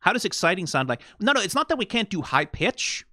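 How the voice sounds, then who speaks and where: A man's voice: sits high, brisk, dry recording, studio quality. A young man from Denmark with a Danish accent, chatting casually to his stream audience and acting out pronunciation examples as he explains. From Denmark, south of Funen. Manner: explains language points with lively spoken demonstrations. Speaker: streamer reacting to an anime episode. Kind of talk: casual chat to a live stream chat.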